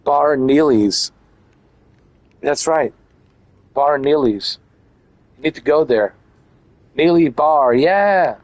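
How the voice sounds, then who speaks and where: A man's voice: a little high, slow, pauses often, a little mellow, dry recording. A man giving casual let's-play commentary, crude and mocking, repeating his jokes. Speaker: gaming channel host.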